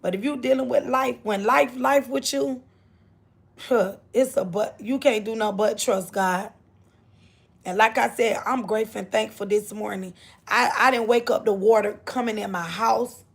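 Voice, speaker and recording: A woman's voice: on the high side, normal speed, vocal fry, slightly rough. An older woman speaking gives an inspirational faith talk to her livestream viewers, repeating her phrases and greeting them by name. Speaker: livestream host.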